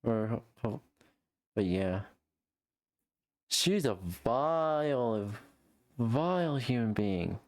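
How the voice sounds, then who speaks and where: A woman's voice: a bass voice, animated, extremely slow, pauses often, darkish tone, dry recording. A woman streamer reacting on a live stream, casually, swearing a lot, with frequent fillers and restarts.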